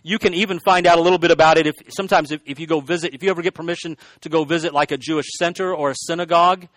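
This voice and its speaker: A man with a fairly high voice, preaching in a loose, chatty way and breaking off into asides. The sound is dry and close, with no room around it. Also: steady tone, rapid-fire, fairly bright tone, no echo. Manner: conversational, self-deprecating asides, frequent restarts. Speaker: pastor. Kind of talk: sermon.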